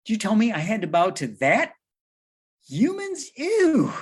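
A man's voice: sits high, huge pitch swings, a little slow, breathy edge, pitched above the performer's own voice, exaggerated voice. A man voicing a proud fallen angel who sneers with disgust. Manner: sneering, haughty.

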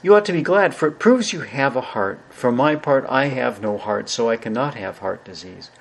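A man voicing a gentle tin man from a storybook. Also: mid-range voice, expressive, normal speed, creaky. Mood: earnest.

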